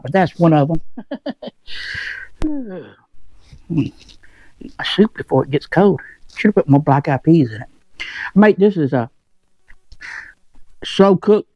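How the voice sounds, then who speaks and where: Somewhat high and animated, this motovlog host speaks a little slowly with long pauses, rambling through casual chat while eating in his home shed, mouth full. There's no room sound and the highs are cut off.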